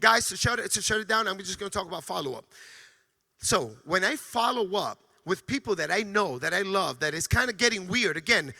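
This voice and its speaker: A man giving an energetic motivational training talk to a sales team, emphatic and often stammering on restarts. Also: high voice, a little fast, vocal fry.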